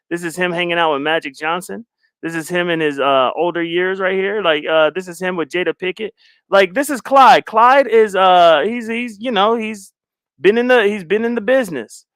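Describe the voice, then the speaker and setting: A man's voice: high-pitched, a bit bright, clean tone, no echo. A man hosting a live stream in casual chat, rambling and self-mocking, often repeating his phrases. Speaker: livestream host.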